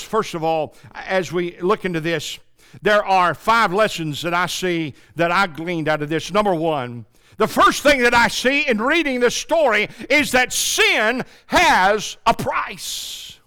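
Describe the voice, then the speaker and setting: Male preacher, high and clear, theatrical sermon delivery from a church with loud and hushed passages. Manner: dramatic storytelling with big swings between shouting and hushed tones; calls to the congregation for responses.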